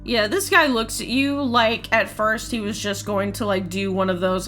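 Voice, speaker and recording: A woman's voice: mid-range voice, normal speed, a bit bright, faint music behind. A woman narrating a tabletop game as game master, describing scenes in a casual, filler-heavy way.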